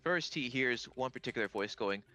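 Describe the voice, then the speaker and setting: A man's voice: mid-range voice, animated, brisk, sharp tone, soft background music. A man narrating a tabletop game as game master, describing scenes and asking the players what they do.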